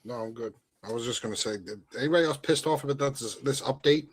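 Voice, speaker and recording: A man's voice: medium pitch, fast talker, husky, dry recording. A man co-hosting a casual podcast, laid-back and explaining things plainly. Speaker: podcast co-host.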